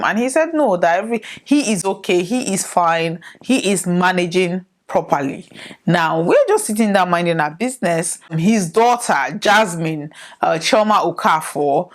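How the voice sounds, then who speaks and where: Podcast host, woman, conversational, slightly low voice. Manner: chatty, conversational storytelling. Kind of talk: casual commentary.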